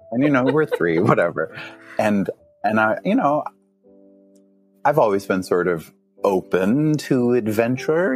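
A man on a podcast, telling a story in a casual, animated way, laughing often and jumping up in pitch as he acts out his younger self. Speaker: podcast guest.

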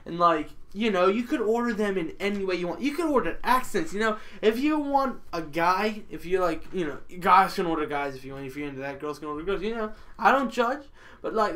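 A man's voice: sits high, lively intonation, fairly quick, a bit bright. A man giving a rambling, slangy, joking rant to camera as a vlogger.

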